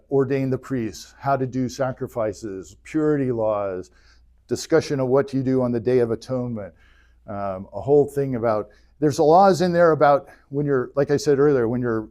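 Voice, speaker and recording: A man teaching an adult church class, retelling scripture in a casual, joking way with quick bursts of character voices. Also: medium pitch, a little mellow. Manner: jokey retelling, voices biblical figures in bursts. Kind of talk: casual Bible history lecture.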